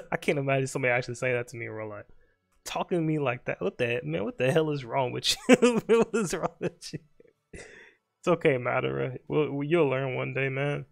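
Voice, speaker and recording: Soft background music accompanies a young streamer whose mid-range voice carries vocal fry. He jokes casually about his live game, addressing his opponent and muttering fast.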